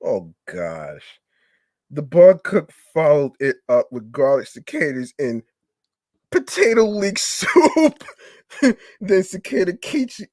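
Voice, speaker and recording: A male podcast host reads an article aloud and keeps breaking off to react in disbelief, his pitch leaping up and down in a very lively way. He talks at an unhurried, slow pace, restarting and repeating words as he goes. The sound is close and dry, with no room echo. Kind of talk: reading news aloud with incredulous commentary.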